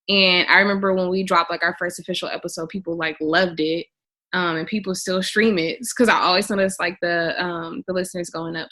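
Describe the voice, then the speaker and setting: A woman's voice: mid-range voice, a bit bright. Upbeat woman co-hosting a podcast. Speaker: podcast co-host. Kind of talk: casual podcast chat.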